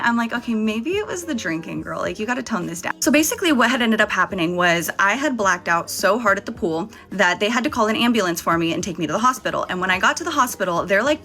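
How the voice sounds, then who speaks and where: A woman's voice: mid-range voice, sharp tone. A young woman telling a casual storytime vlog story, candid and chatty, swearing freely. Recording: faint music behind.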